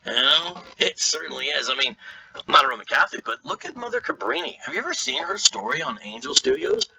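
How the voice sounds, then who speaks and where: Animated man reacting live, laughing often. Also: fairly high pitch, fast talker, creaky, recorded from a distance, slight background noise, low-quality recording. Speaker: streamer reacting to a video.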